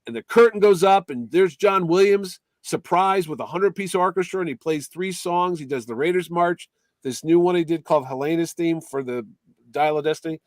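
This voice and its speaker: High-voiced man telling an animated story. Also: fairly quick, dry recording. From Connecticut. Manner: animated, acts out quotes in put-on voices. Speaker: podcast host. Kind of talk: casual storytelling chat.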